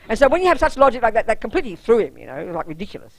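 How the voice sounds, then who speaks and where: Blunt, animated woman giving a dharma talk. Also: mid-range voice, rapid-fire, few pauses, poor audio. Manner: blunt, lively, keeps checking the audience understands. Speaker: Buddhist nun and teacher. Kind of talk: public dharma talk with personal storytelling.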